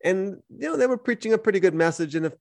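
A man's voice: sits high, fast, vocal fry, dry recording, studio quality. A man co-hosting a podcast who reads Bible verses aloud and explains them in a conversational teaching style. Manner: animated, reads scripture aloud then explains it.

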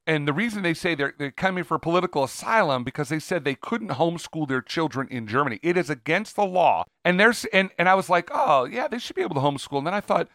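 A man with a fairly high voice co-hosts a podcast, ranting and riffing with strong opinions. The sound is dry and close, with no room in it. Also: fairly bright tone, no room sound. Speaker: podcast co-host. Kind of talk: casual chat.

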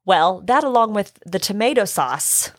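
A middle-aged woman, hoarse from illness, telling a story in casual chat, acting out her own quotes and swearing. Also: medium pitch, animated, normal speed, no echo, clean studio sound.

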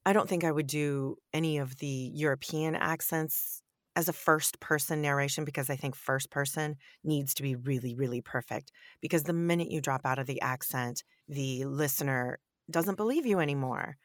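Low-voiced, lively woman narrator. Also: moderate pace, no room sound, clean studio sound. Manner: animated, laughs often, emphatic. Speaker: audiobook narrator and actor. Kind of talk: podcast interview answers.

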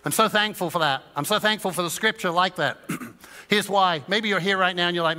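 A man's voice: high-pitched, fairly even intonation, moderate pace, pushed and bright, clean tone. A man preaching a sermon as pastor, conversational and humorous, acting out little voices of his listeners. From England. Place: church auditorium. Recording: church hall reverb.

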